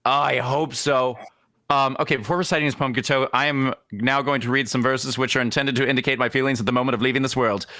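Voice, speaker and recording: A man's voice: medium pitch, fairly even intonation, fast talker, pushed and bright. A young man co-hosting a podcast, telling a comic history story casually and slipping into exaggerated quoted voices. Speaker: podcast co-host.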